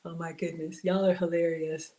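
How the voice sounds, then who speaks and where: A woman's voice: fairly low pitch, flat delivery, normal speed, dark tone. A woman hosting a casual cooking livestream, chatty and bubbly, laughing often as she reads viewer comments aloud. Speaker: home cook livestream host.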